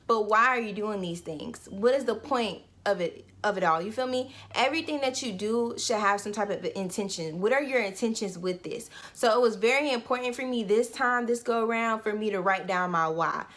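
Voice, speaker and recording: A woman's voice: mid-range voice, normal speed, hardly any pauses, fairly bright tone. A young woman talking casually and animatedly straight to her viewers in a goal-setting vlog. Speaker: vlogger.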